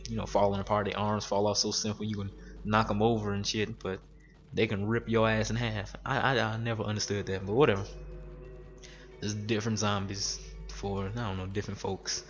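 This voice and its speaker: A young man, rambling and swearing freely through casual let's-play commentary, his voice jumping up high whenever he mimics others. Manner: rambling, profane, animated when quoting others. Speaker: gaming video host.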